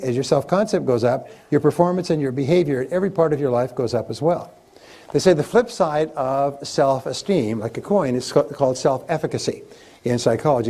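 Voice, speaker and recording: A man's voice: mid-range voice, mellow. A man giving a live seminar talk into a stage microphone. He drives his points home with repetition, rolling lists and chanted phrases. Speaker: motivational speaker.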